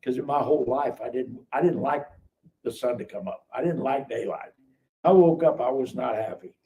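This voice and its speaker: A man's voice: medium pitch, moderate pace, warm tone, highs cut off. A man, telling his life story as a guest and acting out the dialogue. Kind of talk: casual testimony storytelling. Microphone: live stream call mic. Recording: distant mic with faint noise.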